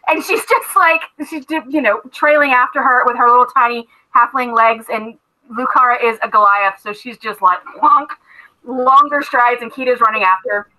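A woman's voice: on the high side, moderate pace, bright, forceful tone, low-quality recording. A woman narrating a tabletop game as game master, chatty, with many fillers and restarts.

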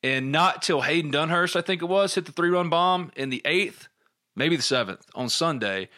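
Bright-voiced teasing man. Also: a little high, lively intonation, moderate pace. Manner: teasing, needling questions. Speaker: podcast co-host. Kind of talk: casual sports chat.

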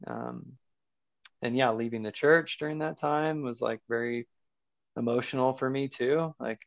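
A man's voice: medium pitch, steady tone, a little slow, vocal fry, dry recording. A man as a podcast guest, earnestly recounting a personal experience in a searching way, loose with fillers. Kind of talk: personal storytelling in an interview. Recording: dull lo-fi sound.

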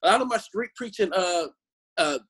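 A man tells stories in casual conversation with a raised, husky voice. He is animated and often repeats words as he goes. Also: high-pitched, moderate pace. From born in Chicago, raised in Omaha. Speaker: Christian musician and street preacher. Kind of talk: casual podcast chat.

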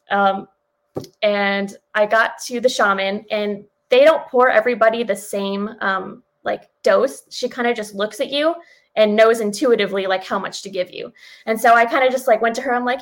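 A woman's voice: a little high, fairly quick, low-quality recording. Candid, swearing woman telling a story. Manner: candid, swears freely, many fillers. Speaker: podcast guest. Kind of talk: casual storytelling.

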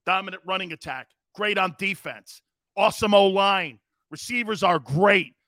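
A man's voice: high voice, normal speed, bright, forceful tone, no echo, studio quality. A man hosting a sports talk show, delivering a brash, mocking monologue. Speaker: sports radio host.

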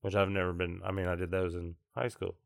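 A man's voice: low-pitched, little pitch movement, quick pace, vocal fry, dry recording, clean studio sound. A man from Tennessee, a comedian guest chatting casually and telling stories in a laid-back way. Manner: laid-back storytelling, jokes with big voiced bits. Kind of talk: casual chat.

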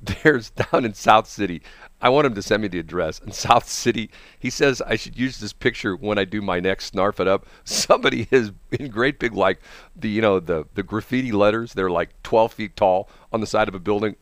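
A man hosting a radio show, telling a story in a casual, animated way, laughing often and acting out what other people said. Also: lowish voice, normal speed, no room sound, studio quality.

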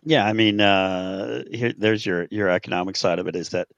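A man's voice: deep voice, moderate pace, creaky, fairly bright tone, dry recording, muffled recording. A man in casual podcast chat, explaining a point in a matter-of-fact way.

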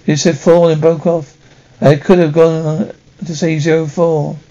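Stern military officer, 1960s TV drama, clipped formal lines, gravelly, dull old soundtrack. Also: male voice, fairly high pitch, flat delivery, unhurried, mellow. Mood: tense.

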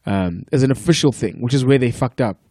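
A man in his thirties from South Africa chats casually on a podcast. He tells his stories in a loose, unhurried way, swears freely and laughs easily, recorded close and dry with no room sound. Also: medium pitch, husky, dry recording. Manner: relaxed storyteller, profane, laughs often. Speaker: podcast guest. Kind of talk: casual chat.

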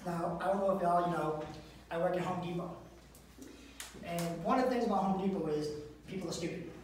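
A man's voice: high-pitched, fairly quick, a little mellow, recorded from a distance. A man doing stand-up at a live show, spinning crude stories about his job and acting out the people in them. His voice comes from well back from the mic in a very echoey room, with a faint hum of the room behind him. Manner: storytelling with crude jokes and acted-out quotes. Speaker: stand-up comedian. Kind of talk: stand-up comedy set. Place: live show venue with audience.

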